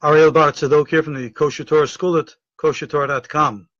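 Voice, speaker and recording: A middle-aged American man, a rabbi and Torah teacher, giving an emotional, indignant video address full of halting repetitions. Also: fairly high pitch, steady tone, fairly bright tone, no echo, dull audio. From United States.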